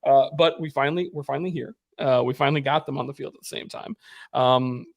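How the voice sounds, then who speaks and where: A man's voice: medium pitch, quick pace, vocal fry, no echo, lo-fi sound. A man hosting a sports fan podcast, speaking casually with many fillers and handing the floor to a co-host. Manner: hesitant, many ums and uhs, hands the floor over.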